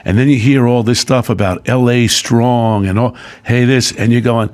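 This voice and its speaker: A middle-aged man, a guest, telling a personal story in casual chat, emotional and animated. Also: mid-range voice, moderate pace.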